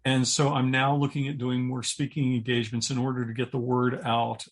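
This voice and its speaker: Middle-aged male guest, husky tone, earnest and halting, reflective interview talk. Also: medium pitch, flat delivery. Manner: earnest, halting, repeats words while thinking. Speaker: guest, purpose coach and speaker. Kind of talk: interview conversation.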